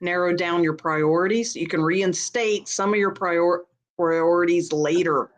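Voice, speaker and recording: A woman's voice: fairly low pitch, unhurried. A woman, a psychic reader and co-host, giving direct advice in casual chat and repeating her points plainly.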